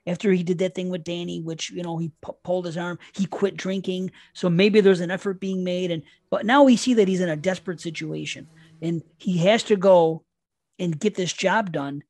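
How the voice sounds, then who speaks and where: A man's voice: sits high, steady tone, normal speed, a little mellow, no room sound. Rambling man on a dry mic. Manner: rambling, self-interrupting, profane. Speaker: podcast guest. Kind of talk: casual horror film chat.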